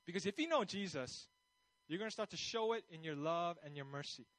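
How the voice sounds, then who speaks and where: A man preaching as a pastor, telling scripture stories with animated, repetitive delivery. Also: a little high, fairly quick, no echo, poor audio. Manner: animated storytelling, repeats words, acts out voices. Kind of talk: sermon.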